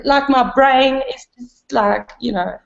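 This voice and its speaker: A woman's voice: slow pace, gravelly. Rambling woman in an echoey room. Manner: rambling, many fillers; self-deprecating, laughs often. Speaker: satsang participant. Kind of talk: candid spiritual conversation. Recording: dull, roomy, low-fidelity.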